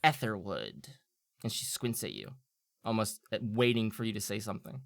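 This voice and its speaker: Halting man narrating a game. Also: fairly low pitch, very animated, gravelly, no echo, studio quality. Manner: halting, filler-heavy narration. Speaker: game master.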